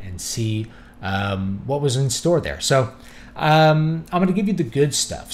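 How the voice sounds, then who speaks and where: A man giving a casual spoken review of audiobooks, relaxed and conversational, thinking aloud as he goes. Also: mid-range voice, slight background noise. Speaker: book reviewer.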